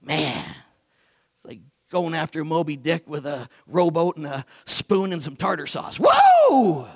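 A man preaching a sermon, animated, swinging from quiet low asides to loud, forceful declarations. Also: measured pace, creaky. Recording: long hall reverb.

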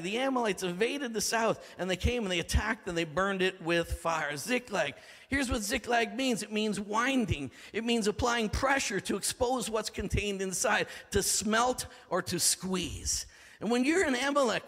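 Man, pastor, very high voice, dramatic sermon delivery, big reverberant hall. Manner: dramatic, swings from shouting to hushed.

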